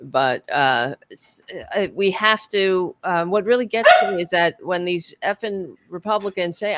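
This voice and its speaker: A woman's voice: mid-range voice, expressive, a little slow. An American woman on a podcast panel, talking in an impassioned, profane way with many restarts. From United States. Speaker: book club panelist. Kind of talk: podcast discussion.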